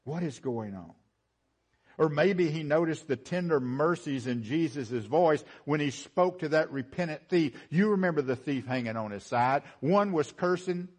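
Dramatic preacher man, high voice. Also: animated, moderate pace, husky. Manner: dramatic preaching, swinging from rising, emphatic build-ups to hushed low lines; repeats phrases for emphasis. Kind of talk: sermon.

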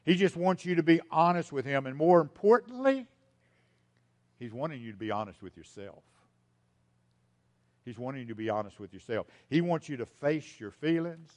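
A man preaching a sermon to his congregation, repeating key lines for emphasis and swinging between loud and hushed delivery. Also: fairly high pitch, expressive, normal speed, pauses often. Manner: speaks directly to the congregation as folks. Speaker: pastor.

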